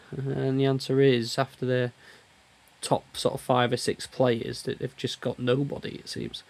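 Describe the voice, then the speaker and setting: A man's voice: mid-range voice, fairly even intonation, normal speed, gravelly, darkish tone. A man with a British accent co-hosting a hockey podcast, bantering sarcastically and reading out team stats. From Britain. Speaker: podcast co-host. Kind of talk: casual hockey chat.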